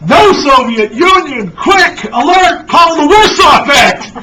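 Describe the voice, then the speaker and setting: A man doing a bewildered shouting Soviet cosmonaut. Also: very high-pitched, sing-song, a little slow, voice pushed up, exaggerated voice. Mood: alarmed. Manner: incredulous, shouting alarm. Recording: distant dull lo-fi mic with faint noise.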